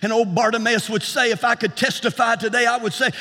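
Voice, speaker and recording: A man preaching a sermon in a rhythmic style that climbs to shouts and repeats words for emphasis. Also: extremely high pitch, fairly even intonation, fast, few pauses. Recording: long hall reverb.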